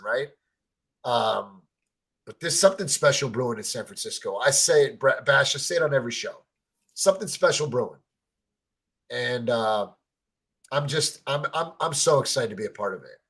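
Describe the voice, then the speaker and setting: A man co-hosting a fan reaction stream, telling a rambling story in excited casual chat, repeating words and swearing freely. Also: medium pitch, slightly rough.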